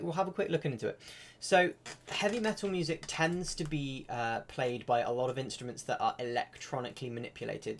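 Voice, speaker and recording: Male flute teacher, casual live-stream lesson, chatty with fillers, mid-pitched voice. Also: slight background noise.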